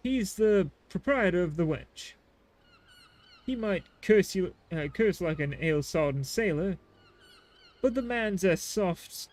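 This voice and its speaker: A man's voice: high-pitched, a little mellow. A man voicing a blunt, worldly male guide in a game, tripping over his read lines.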